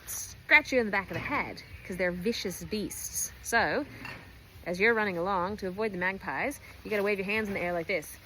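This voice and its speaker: A woman's voice: medium pitch, normal speed, background noise. A woman, a race organiser giving a chatty, playful briefing, recorded at a distillery pizzeria. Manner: chatty, playful, self-mocking. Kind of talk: casual race briefing video.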